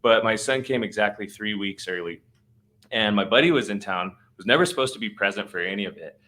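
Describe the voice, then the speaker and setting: A man's voice: on the low side, expressive, a little fast, pushed and bright. A man hosting a podcast, telling a long story in a slangy, laid-back way with lots of fillers. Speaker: podcast host. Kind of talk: casual storytelling.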